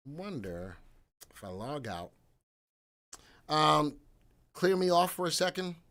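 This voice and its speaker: A man hosting a casual live stream about the stock market, thinking aloud and answering viewers by name, getting loud and excited when he reacts to the chat. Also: on the high side, slow.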